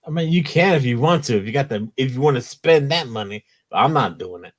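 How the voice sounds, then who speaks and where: Laid-back slangy man, lively pitch. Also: fairly quick. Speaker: host. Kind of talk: casual live-stream chat.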